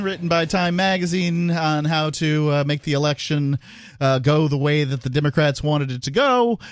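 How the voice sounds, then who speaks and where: A man's voice: a little high, dry recording, clean studio sound. A man hosting a call-in talk radio show, chatting casually and wryly and laughing easily.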